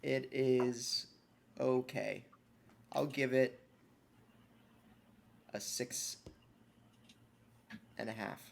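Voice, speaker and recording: A man's voice: mid-range voice, fairly even intonation, very slow, gravelly, long pauses. A man co-hosting a gaming podcast, chatting casually with dry, wry remarks. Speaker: podcast co-host. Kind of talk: casual chat.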